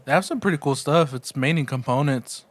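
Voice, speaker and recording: A man's voice: a little high, brisk, no room sound. A man co-hosting a podcast, talking in a laid-back, casual way and swearing now and then. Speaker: podcast co-host. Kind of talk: casual chat.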